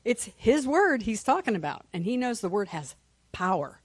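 A woman's voice: medium pitch, very animated, moderate pace, breathy edge, no room sound. A woman teaching a Sunday school class in church, passionate and reading scripture aloud.

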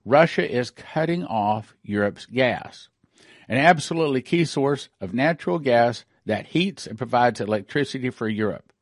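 A man's voice: mid-range voice, lively intonation, moderate pace, no echo, clean studio sound. A middle-aged man giving emphatic news commentary with a prophetic bent, repeating and rereading his points.

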